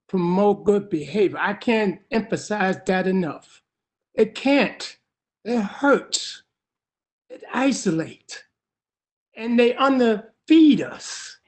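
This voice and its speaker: A man's voice: sits high, expressive, slow pace. A man in his sixties giving emotional public testimony over a remote call, his voice rising into urgent pleading.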